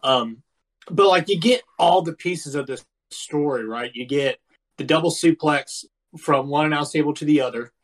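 Animated profane man in his thirties. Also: fairly high pitch, normal speed. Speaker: podcast co-host. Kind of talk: casual wrestling review chat.

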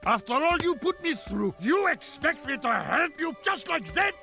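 Woman doing a big grumpy alien man, squealing high and swooping all over, in slow huffy bursts. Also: sing-song, gravelly, faint music behind, exaggerated voice. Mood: indignant. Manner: shrill indignant shouting. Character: huge grumbling male alien scientist.

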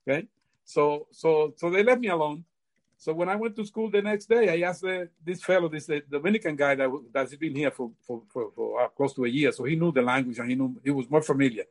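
Older man, halting, repeats himself. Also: fairly high pitch. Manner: halting, repeats words often. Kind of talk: casual storytelling.

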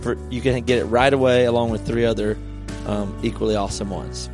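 A man's voice: mid-range voice, fairly even intonation, fairly quick, a little mellow, soft background music. A man co-hosting a podcast, chatting casually and upbeat as he wraps up a segment. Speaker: podcast co-host.

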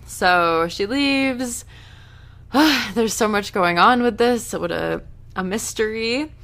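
A woman casually recapping a TV episode in a chatty, animated way, now and then breaking into loud outrage. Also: fairly high pitch, slow pace. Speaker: TV recap host.

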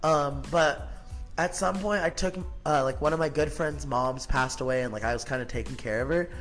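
A man in his thirties, a podcast guest telling a personal story in a casual, animated way, filling his talk with "like" and acting out what others said. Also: medium pitch, normal speed, faint music behind. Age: 30s. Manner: animated, acts out quoted people, frequent "like" fillers.

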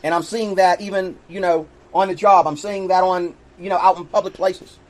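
A man's voice: high-pitched, fairly even intonation, moderate pace, faint music behind, low-quality recording. A man in a played clip preaching insistently, repeating questions and talking about the Lord. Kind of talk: preachy monologue.

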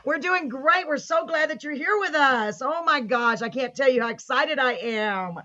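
A woman's voice: high voice, animated, normal speed, bright, forceful tone, lo-fi sound. Enthusiastic woman hosting a live show. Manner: gushing, enthusiastic, reads viewer comments aloud. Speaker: host. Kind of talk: live online show chat.

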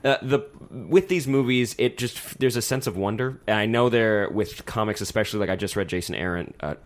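Brief: male panelist, low voice, halting and self-conscious. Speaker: film discussion panelist. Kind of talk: casual chat.

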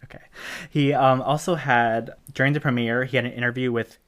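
A podcast co-host talking through film trivia in a loose, rambling way. Often stumbles and laughs between phrases. The voice sits at an ordinary middle pitch. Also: fairly even intonation, a little fast. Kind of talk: casual chat about film.

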